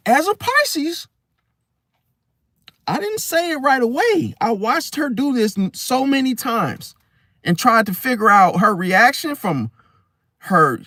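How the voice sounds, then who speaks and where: A man with a high, very lively voice tells a rambling story in loose street slang. He hosts an astrology talk channel. The sound is close and dry, with no room around it. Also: no echo. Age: adult, once married. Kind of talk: casual storytelling monologue.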